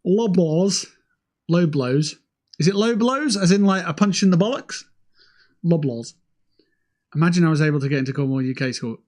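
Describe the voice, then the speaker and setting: A young British man hosting a livestream in casual, sweary chat that jumps between high and low. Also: fast, few pauses, a little mellow. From United Kingdom. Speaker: livestream host.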